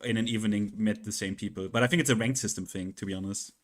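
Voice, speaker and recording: A man's voice: on the low side, steady tone, fast. A man joining a casual chat, speaking hesitantly and trailing off.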